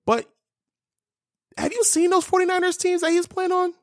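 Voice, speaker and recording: A man's voice: extremely high pitch, flat delivery, moderate pace, dry recording, studio quality. A young man hosting a casual sports podcast, talking in a fired-up, profane rant full of fillers. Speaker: podcast host.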